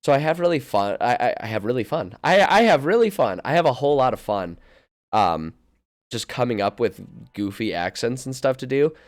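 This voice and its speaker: A man's voice: mid-range voice, big pitch swings, moderate pace. A man chatting casually on a livestream as a game master, rambling and restarting his sentences. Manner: rambling, self-interrupting, laughs often.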